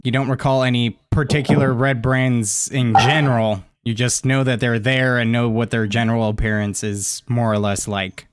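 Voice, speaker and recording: A man narrating as game master of a tabletop game, relaxed, with fillers. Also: mid-range voice, normal speed, hardly any pauses, smooth, no room sound.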